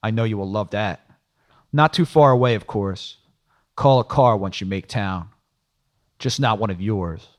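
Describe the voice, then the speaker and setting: A man's voice: fairly low pitch, a little slow, pauses often, natural voice. A man voicing a curt, pressured male business contact in an audiobook, speaking bluntly in clipped lines. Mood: businesslike.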